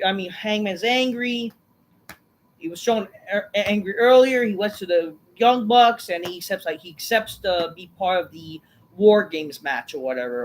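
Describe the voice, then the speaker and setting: A woman's voice: mid-range voice, slight background noise, poor audio. A woman hosting a wrestling review, ranting through a recap in a sarcastic, dismissive way with constant swearing. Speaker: wrestling show reviewer, channel host.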